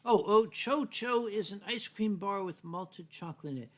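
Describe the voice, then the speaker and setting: A man's voice: sits high, moderate pace, a bit bright. An older man hosting a livestream, chatting casually and reading out viewer comments in a rambling, stammering way. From United States. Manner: rambling, stammering, self-deprecating. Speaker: livestream host.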